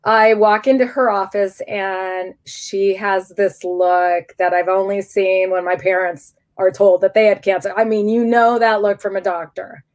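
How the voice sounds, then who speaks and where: A middle-aged woman, a guest in an interview, telling a personal story candidly and in an animated way, often restarting her sentences. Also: mid-range voice, measured pace, few pauses.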